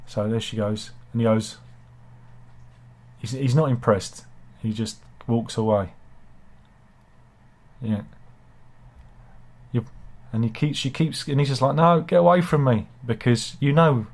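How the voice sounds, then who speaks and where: A man's voice: mid-range voice, slow pace, pauses often, a little mellow. Rambling British man hosting chat. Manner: rambling, self-deprecating, with frequent restarts and asides. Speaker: host. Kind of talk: casual satirical news chat.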